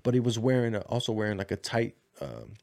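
A man's voice: fairly low pitch, lively intonation, quick pace, vocal fry, darkish tone. A man chatting casually on a podcast, telling a long story full of slang, swearing and restarts. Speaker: podcast co-host.

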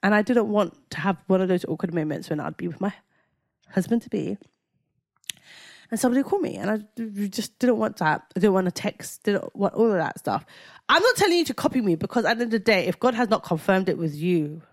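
A woman's voice: medium pitch, very animated, brisk, no echo, clean studio sound. A woman in her thirties, talking casually on a podcast. She is emphatic and chatty and often repeats her points, in a mid-range voice. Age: 30s. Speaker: podcast co-host. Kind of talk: casual chat.

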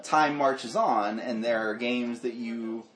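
A man hosting a podcast in casual banter, animated and quick to laugh, trailing off and restarting sentences. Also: medium pitch, soft background music. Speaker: podcast host. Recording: roomy echo.

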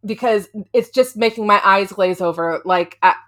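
A woman's voice: mid-range voice, moderate pace, fairly bright tone. A woman co-hosting a casual comics podcast, chatting in a rambling way with casual swearing. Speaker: podcast co-host.

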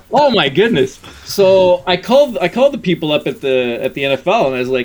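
A middle-aged man telling stories in a casual chat, animated, laughing often and acting out what people said. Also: a little high, fairly quick, hardly any pauses.

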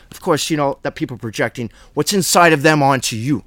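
Guy preaching bible study, no sugarcoating, fired up, voice on the higher side. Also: brisk, hardly any pauses, fairly bright tone, no room sound. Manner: blunt, fiery and plain-spoken.

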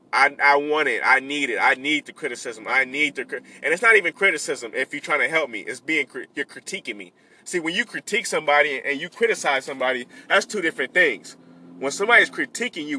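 A man in his late twenties speaks in a loose, earnest way, circling back to his points and dropping street slang as he advises his followers. His voice sits a little high and sounds strikingly bright. He talks from a vehicle between delivery runs. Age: 20s. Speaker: vlogger giving life advice. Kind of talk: casual talk to camera between delivery pickups.

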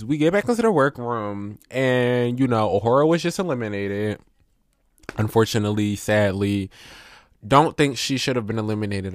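A man's voice: mid-range voice, dry recording, clean studio sound. A man hosting his own podcast, talking casually and rambling with lots of fillers, getting emphatic when he rants. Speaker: podcast host. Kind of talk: casual solo podcast review.

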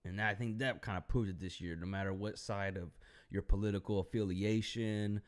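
A young man hosting a podcast, telling stories in profane, animated casual chat. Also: fairly low pitch, normal speed. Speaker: podcast host.

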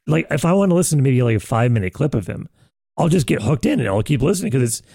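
Gravelly, laid-back young man. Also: medium pitch, animated, fast talker, mellow, no room sound, clean studio sound. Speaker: podcast co-host. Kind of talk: casual chat.

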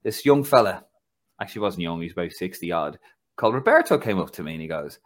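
A Dublin Irish man hosting a football podcast, spinning anecdotes in a chatty, laughing way. His voice sits fairly low but swings all over the place as he tells a story. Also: wildly swooping pitch, fast. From Ireland. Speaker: podcast host. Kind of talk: casual podcast chat.

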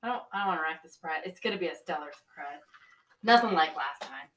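A woman co-hosting a podcast, chatting casually with dry, deadpan quips. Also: deep voice, fairly quick, far from the mic, low-quality recording. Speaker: podcast co-host. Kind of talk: casual chat.

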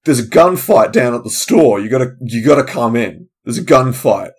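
An urgent man called down to a gunfight at his store, quoted by a podcast host. His delivery is hurried and somewhat louder than the host's usual speech, though still close to his everyday voice. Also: mid-range voice, animated, slightly rough.

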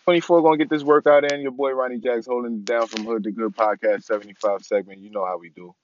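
A man's voice: medium pitch, steady tone, quick pace, lo-fi sound. A young man hosting his own podcast, giving a casual, rambling update from inside his parked car with lots of ums. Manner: laid-back, rambling with many ums. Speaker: podcast host.

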